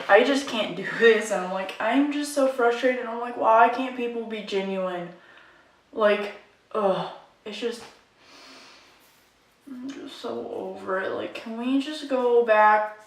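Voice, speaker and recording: A woman's voice: on the high side, slow pace. A young woman vlogger ranting casually to camera, frustrated and rambling, saying "like" often. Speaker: makeup vlogger. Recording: echoey room, mic at a distance.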